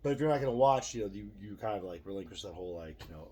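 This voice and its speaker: Brief: middle-aged male vlogger, low-pitched, cursing and rambling, faint hiss behind. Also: expressive, rapid-fire, hardly any pauses, a little mellow. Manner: profane, ranting, self-deprecating. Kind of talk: rambling opinion monologue.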